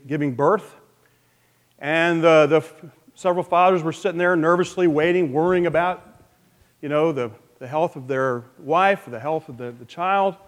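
Male pastor, somewhat high voice, informal halting delivery full of restarts, long church-hall echo. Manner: informal, halting, and repeats words as he goes. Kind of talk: conversational sermon with announcements and prayer. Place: church sanctuary.

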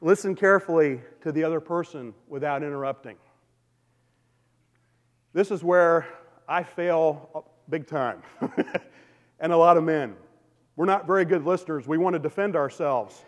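In a church sanctuary with long hall reverb, a man with a slightly high voice preaches at a moderate pace, leaving long pauses. His sermon is conversational, with frequent call-outs to the congregation.

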